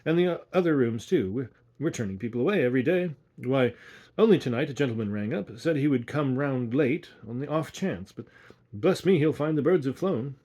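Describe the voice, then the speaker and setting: A man voicing a fumbling, eager-to-please hotel waiter who stammers, in a husky voice. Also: mid-range voice, lively intonation, brisk, warm tone, close to an everyday voice. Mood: flustered.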